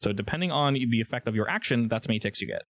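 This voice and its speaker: A man's voice: mid-range voice, lively intonation, racing, fairly bright tone, no echo. A man running a tabletop role-playing game as game master, explaining rules casually with fillers.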